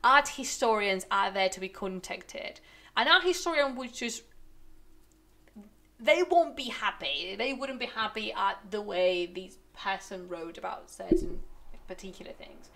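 A young woman who speaks natively, streaming casual commentary to her chat, ranting in an animated, exasperated way with laughs. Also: mid-range voice, a little slow, vocal fry.

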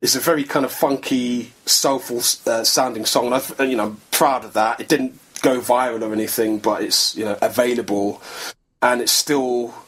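A man, a musician guest talking casually in a podcast interview, relaxed and rambling with lots of fillers. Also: medium pitch, moderate pace, breathy edge, poor audio.

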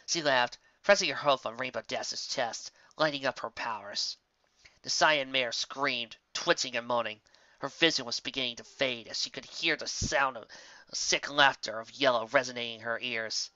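A woman narrating a storybook tale in a steady, plain reading voice, in a slightly muffled lo-fi recording. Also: extremely low pitch, moderate pace, no room sound. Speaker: fan fiction reader.

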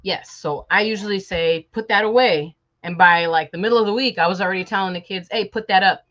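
A woman's voice: lowish voice, fairly quick, fairly bright tone, dull audio. A woman from Chicago, chatting casually and joking with viewers on a live stream while working on a sewing project at home. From Chicago, USA. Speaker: sewing vlogger.

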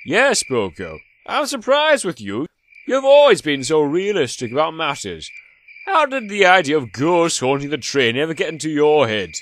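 A stern older railway boss lays down the law in a firm, measured tone, as a man puts him on. The storybook figure speaks with plain authority. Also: a little high, sing-song, a bit bright, voice pushed up.

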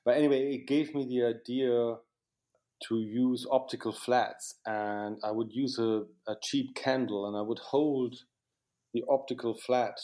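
Halting, reflective male cinematographer. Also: medium pitch, fairly even intonation, warm tone. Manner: halting, many restarts and "you know". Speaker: cinematographer, interview guest. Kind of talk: reflective interview recollection.

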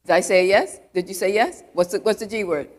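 In a mid-range voice that's a little fast and a little mellow, a woman church elder delivers a conversational sermon before a live congregation. She's chatty throughout, dropping "you know" asides and quizzing those gathered.

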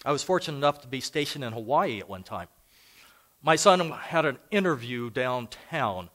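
An older man preaches as a pastor at normal speed, his medium-pitched voice a bit bright and lively in intonation. He tells personal stories conversationally, giving an anecdotal storytelling sermon.

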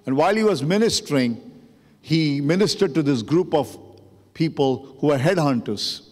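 A pastor with a fairly high, slightly mellow voice and lively intonation recounts a story in his sermon at normal speed, his emotion rising into urgent preaching. Music plays beneath him, and the church sanctuary adds long reverb.

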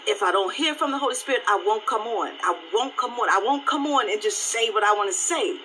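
A woman pastor giving an animated, live-streamed devotional talk, repeating her phrases and laughing often. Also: fairly high pitch, a little fast, faint music behind, low-quality recording.

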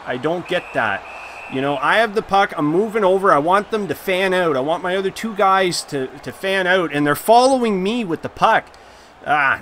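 A man in his thirties giving live commentary over his own video game, swinging between grumbling and shouting. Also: high voice, a little hiss or hum. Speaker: gaming YouTuber.

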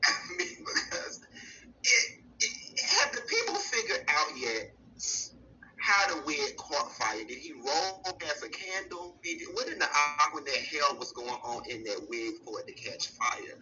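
A man's voice: on the high side, wildly swooping pitch, unhurried, bright, forceful tone, faint music behind. A man co-hosting a casual gossip talk show, sassy and joking, often laughing as he talks. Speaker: co-host. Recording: dull lo-fi sound with clear background noise.

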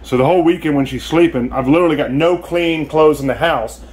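A man's voice: fairly high pitch, fairly quick, a little mellow, breathy edge, poor audio. A man filming a casual vlog at home, rambling and swearing as he talks to the viewer. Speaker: vlogger. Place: at home, indoors.

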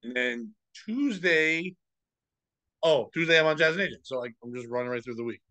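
A man's voice: a little high, moderate pace, no room sound, poor audio. A man telling comedy stories in casual podcast chat, laughing often and acting out what people said. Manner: animated, laughs often, acts out quotes. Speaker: podcast host.

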